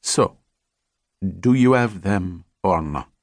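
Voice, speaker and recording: Male narrator playing a curt French female ex-spy, low and dry, all business. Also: expressive, slow pace, darkish tone, no echo, exaggerated voice. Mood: cool, curt. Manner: crisp, brusque, final. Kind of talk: audiobook character voice.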